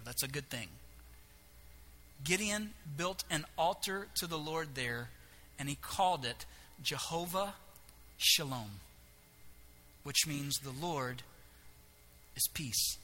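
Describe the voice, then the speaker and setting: A man preaching a sermon, animated and humorous, acting out biblical characters in quick asides. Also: high voice. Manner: animated, acts out voices of biblical figures with humor. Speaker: pastor.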